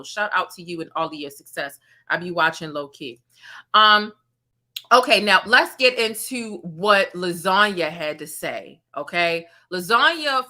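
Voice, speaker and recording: A woman hosting a casual gossip commentary, talking straight to her viewers in a sassy, animated way. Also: medium pitch. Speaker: commentary channel host.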